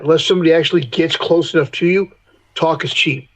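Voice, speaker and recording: A man's voice: fairly high pitch, normal speed, rough recording. A middle-aged man, a podcast guest, telling candid stories in a blunt, profane way and acting out heated confrontations. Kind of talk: candid storytelling interview.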